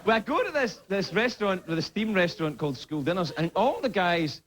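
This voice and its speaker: A man's voice: high-pitched, very animated, fairly quick, a bit bright. A Scottish man in his forties, a late-night host telling rambling comic stories and often interrupting himself with laughter. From Scotland. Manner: rambling, self-interrupting storytelling with frequent laughs. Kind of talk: comedic monologue.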